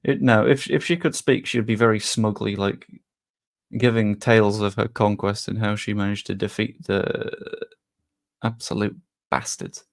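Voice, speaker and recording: Gravelly low-voiced man chatting on stream. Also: steady tone, normal speed. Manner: rambling, reads chat aloud and answers it. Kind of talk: casual live-stream chat.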